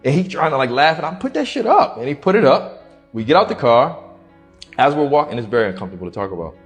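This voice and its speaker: A young man, an interview guest, telling a personal story slowly and haltingly in casual slang. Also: fairly high pitch, sing-song, soft background music.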